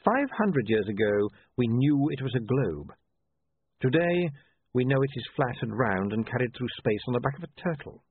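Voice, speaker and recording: A man voicing a cool, calculating male ruler who speaks in a precise, measured, dryly sardonic way. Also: mid-range voice, sing-song, slightly rough, dry recording. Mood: musing. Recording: tinny phone-like line.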